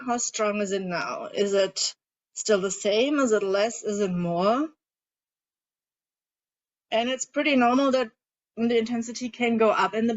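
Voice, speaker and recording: A woman coach guiding a group tapping session in a calm way, asking the group questions as she leads them. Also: a little high. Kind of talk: guided coaching instruction. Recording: dull lo-fi audio.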